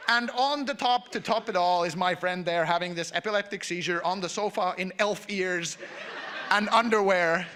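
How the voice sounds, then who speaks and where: A man on stage at a convention auditorium, telling a comic anecdote to an audience with animated storytelling, acting out voices and laughing. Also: high-pitched, moderate pace, clear, resonant tone. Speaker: convention panel speaker.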